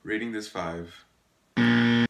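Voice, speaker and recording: A man's voice: on the low side, takes it slowly, gravelly, echoey room. A man giving casual gameplay commentary, exasperated, swearing often and laughing at himself. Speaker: gaming YouTuber.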